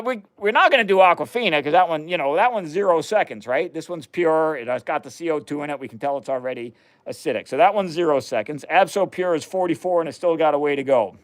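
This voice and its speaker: Animated man hosting a science livestream. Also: high voice. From United States. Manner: animated, laughs often, talks to viewers. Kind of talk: casual live demo chat.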